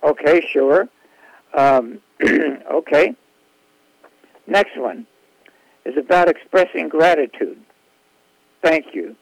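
A man's voice: fairly high pitch, expressive, slow pace, gravelly, pauses often, dry recording, low-quality recording. A man talks as a guest on a radio talk show, telling stories about his clients. He often stops and restarts his sentences, and his voice is recorded dry and close. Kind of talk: casual radio interview.

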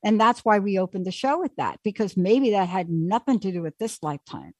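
A woman's voice: mid-range voice, fairly quick, no echo. Chatty woman hosting a call-in show. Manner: animated and chatty. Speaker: host.

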